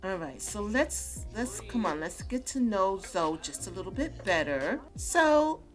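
A woman's voice: mid-range voice, very animated, measured pace, soft background music. A woman giving casual, chatty let's-play commentary, laughing often and talking to her characters. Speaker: gaming YouTuber.

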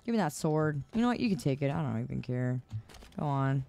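Low, animated and brisk, this woman's voice has a creaky edge, with a noisy background behind it. Worn out from a late night, she plays a game on stream and chats with her viewers through a close desk mic, laughing in exasperation.

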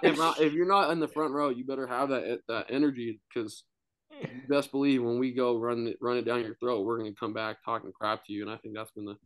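A young man in his twenties chats casually as a podcast guest. His voice sits at a medium pitch, and he rambles through his stories with plenty of filler words. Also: fairly even intonation, brisk. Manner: rambling storyteller, many "like" fillers. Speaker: guest, college quarterback.

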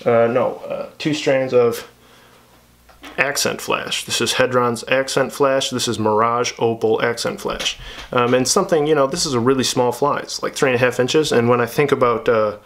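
A man teaching fly tying at his bench in a relaxed, chatty way, with many fillers and restarts. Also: mid-range voice. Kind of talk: casual tutorial narration.

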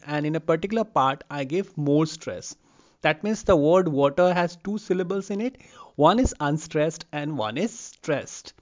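Muffled male teacher. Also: a little high. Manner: repeats example words aloud, says okay often. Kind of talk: explaining a lecture. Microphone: lavalier.

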